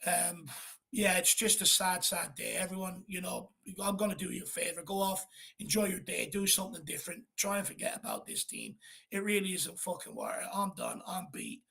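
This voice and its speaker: Male fan host, high bright gravelly voice, blunt and fed up, swears freely. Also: sing-song, a little fast. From Ireland. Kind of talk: live football watchalong chat.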